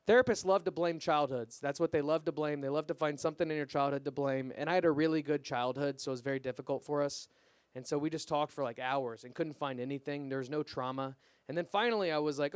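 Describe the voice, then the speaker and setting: A young man performing a stand-up comedy set at an open mic, deadpan and self-deprecating, his punchlines trailing off quietly. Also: medium pitch, fast, smooth, no room sound. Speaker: stand-up comic.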